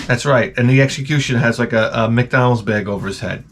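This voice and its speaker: A man's voice: medium pitch, brisk, few pauses, slight background noise. A middle-aged man, hosting a rambling, profane comedic monologue. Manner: rambling, profane, animated ranting. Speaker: host.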